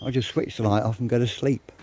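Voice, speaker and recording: A man's voice: mid-range voice, fairly even intonation, fairly quick, warm tone, a little hiss or hum. Blunt older man, short of breath. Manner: blunt, swears freely, grumbling. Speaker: vlogger. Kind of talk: casual ranting monologue.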